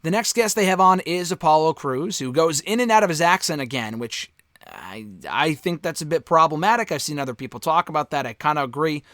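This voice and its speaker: A man's voice: a little high, expressive, fairly quick, fairly bright tone, no echo, clean studio sound. A man giving a casual spoken review of a wrestling show, candid and offhand, swearing freely.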